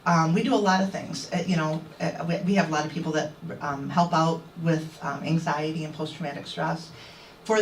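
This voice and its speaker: A woman's voice: low voice, slight background noise. Indignant woman speaking from far off. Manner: indignant, quoting others in animated voices. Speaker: activist speaker. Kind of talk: telling a story to a crowd. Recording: echoey, distant mic.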